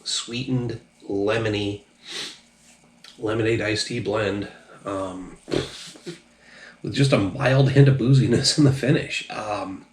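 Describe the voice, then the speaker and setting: Low-voiced tipsy man in echoey room. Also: steady tone, slow, long pauses, slight background noise. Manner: loose, profane, rambling with many fillers. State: a little tipsy. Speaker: drinks reviewer. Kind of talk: casual review vlog.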